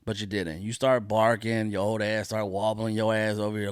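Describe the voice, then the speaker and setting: A man's voice: lowish voice, flat delivery, a little fast, hardly any pauses, clear, resonant tone, dry recording, studio quality. A man hosting a solo podcast, ranting in a profane, indignant way and repeating his points for emphasis. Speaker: podcast host.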